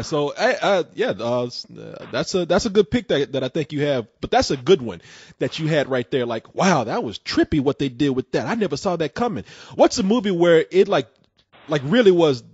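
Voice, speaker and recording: High, lively husky-voiced man hosting. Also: dry recording, muffled recording. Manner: excitable storyteller, acts out scenes with loud bursts. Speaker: call-in show host. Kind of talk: casual call-in chat.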